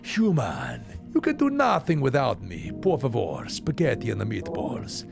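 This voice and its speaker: A man's voice: wildly swooping pitch, normal speed, creaky, full character voice. A man voicing a bossy, pompous male sea-person cat in a hammy mock Spanish-Italian accent while game music plays. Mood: boastful. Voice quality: low, put-on hammy accent. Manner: theatrical, dramatic posing.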